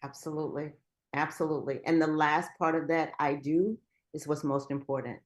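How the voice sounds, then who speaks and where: A woman's voice: sits low, steady tone, moderate pace. A woman speaking as a guest on a live show, encouraging and reassuring the callers. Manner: warm, reassuring, affirming.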